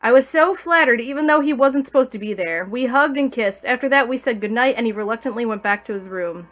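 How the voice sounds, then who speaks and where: A woman's voice: fairly high pitch, animated, fairly quick, fairly bright tone. A woman streamer reading a fan story aloud on stream, breaking off for sarcastic, profane asides to her chat. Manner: sarcastic, profane asides between read passages.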